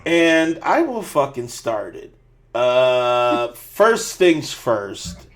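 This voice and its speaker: A man's voice: mid-range voice, big pitch swings, drawn-out words, noisy background. A man hosting a podcast, ranting with a lot of swearing in casual chat. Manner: profane, ranting. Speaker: podcast host.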